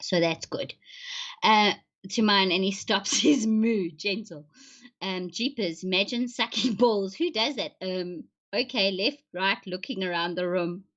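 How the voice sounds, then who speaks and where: A woman with a mid-range, fairly bright voice talks at a measured pace while hosting a livestream. She chats casually with viewers, joking and laughing often, and the stream audio is dull and lo-fi.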